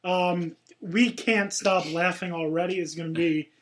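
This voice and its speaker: A man's voice: high voice, fairly even intonation, unhurried, fairly bright tone. A man hosting a casual sports podcast, joking with his co-hosts and reciting rhyming verse. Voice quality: weird sounding voice. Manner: jokey, reads rhyming poem. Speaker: podcast host.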